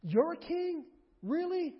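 A preacher acting out a scornful Roman governor. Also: male voice, very high voice, sing-song, slow, pitched above the performer's own voice, heavily acted. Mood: contemptuous. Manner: contemptuous, incredulous questions. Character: scornful male Roman governor, mocking a prisoner. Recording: dull lo-fi recording in a reverberant hall.

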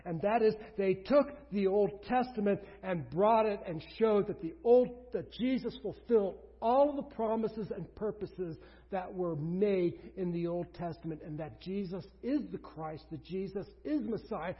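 Guy preaching a sermon, kinda husky, big echoey hall, muffled audio, gets loud then quiet. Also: high-pitched, a little slow. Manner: emphatic, asks rhetorical questions, swings between loud and hushed. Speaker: pastor. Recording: reverberant hall, dull lo-fi sound.

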